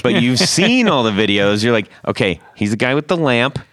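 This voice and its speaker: A man's voice: medium pitch, big pitch swings, moderate pace, a bit bright, no room sound. A man hosting a podcast in casual chat, joking and rambling, often laughing. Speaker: podcast host.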